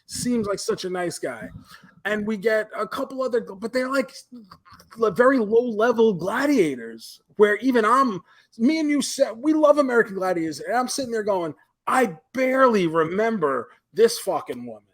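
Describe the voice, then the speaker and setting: A man co-hosting a pop-culture podcast, his voice sitting noticeably high. He tells stories with an animated, profane energy, slipping into quoted voices to act out scenes. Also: normal speed. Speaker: podcast co-host. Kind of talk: casual chat.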